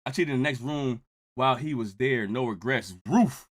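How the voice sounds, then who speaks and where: A young man streaming casual reaction commentary and joking with his live chat. His delivery swings from loud outbursts to low mutters. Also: normal speed.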